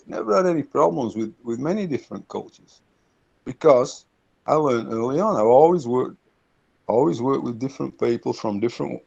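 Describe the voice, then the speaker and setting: Middle-aged man, gravelly, anecdotal interviewee; dull lo-fi sound. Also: mid-range voice, a little mellow. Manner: anecdotal, repeats words while searching. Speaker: interviewee, consultant. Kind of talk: casual interview talk. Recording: dull lo-fi recording.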